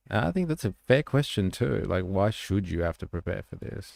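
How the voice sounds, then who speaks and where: A man's voice: low-pitched, sing-song, normal speed, creaky, few pauses, a little mellow, no room sound, studio quality. An Australian man hosting a livestream, rambling casually and swearing as he reacts to news. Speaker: livestream host. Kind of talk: casual commentary stream.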